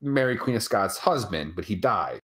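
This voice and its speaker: This podcast co-host rambles animatedly in a casual live chat, cursing freely, heard through a remote call mic. The voice has a medium pitch and moves at normal speed.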